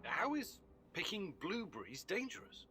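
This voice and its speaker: An actor playing a polite, inquisitive male professor who speaks in a measured way. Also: sits high, huge pitch swings, bright, forceful tone, faint music behind, heavily acted.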